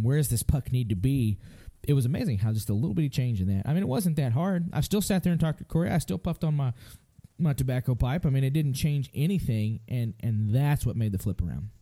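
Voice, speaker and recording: A man's voice: mid-range voice, dark tone. A middle-aged man co-hosting a parenting podcast, telling a story in a rambling, folksy way with frequent laughs. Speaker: podcast co-host. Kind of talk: casual chat.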